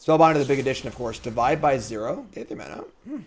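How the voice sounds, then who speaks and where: A man's voice: medium pitch, sing-song, fast, slight background noise. Chatty man thinking aloud over gameplay. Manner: thinking out loud, casual and chatty; jokey, reads chat comments aloud. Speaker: host of a card game stream. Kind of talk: live gameplay commentary.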